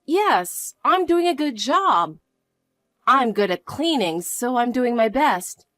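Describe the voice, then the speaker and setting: A woman voicing a polite, patient young wife who speaks softly and apologetically. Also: fairly high pitch, very animated, takes it slowly, no room sound, exaggerated voice. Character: polite, patient young wife, a put-upon daughter-in-law. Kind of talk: dramatized story dialogue.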